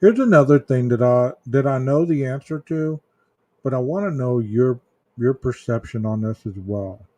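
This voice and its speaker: A man hosting a true crime livestream, chatting casually with viewers in a slow, rambling way full of ums and restarts. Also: mid-range voice, mellow, no echo. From Texas. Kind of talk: casual livestream chat reading viewer comments.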